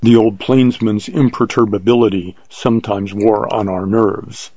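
A man reading a first-person adventure story aloud in a steady, measured way, on a dull lo-fi recording. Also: lowish voice, no room sound. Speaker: audiobook narrator.

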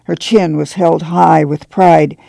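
A man narrating a novel in a measured, even storytelling manner. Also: on the high side, creaky, no echo. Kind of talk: audiobook narration.

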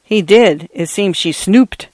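A man's voice: high voice, takes it slowly, darkish tone, no room sound. A man reading an audiobook voices a genial, chatty priest in his fifties who enjoys passing on gossip. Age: 50s. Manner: easygoing, chatty.

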